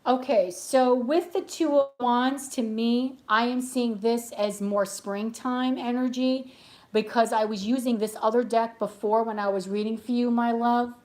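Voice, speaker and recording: A little high and unhurried, this woman's voice belongs to a tarot reader making casual conversation between readings on a live session. She's chatty and blunt, animatedly telling stories and straying onto tangents.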